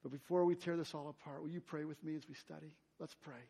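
Male pastor, fairly high voice, sermon, loud and rising on key points, soft in prayer. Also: steady tone, fast, vocal fry, hardly any pauses, slightly rough. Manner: grows louder and higher when stressing a point; drops to a soft, quiet tone in prayer.

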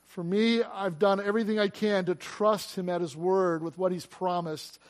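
A middle-aged male pastor preaching a sermon, building emphasis and asking rhetorical questions. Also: high voice.

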